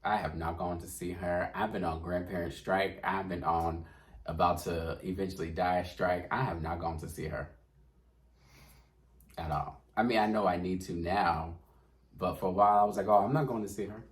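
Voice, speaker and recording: A deep-voiced man hosts a podcast, chatting casually at a moderate pace. He is an animated storyteller who laughs often.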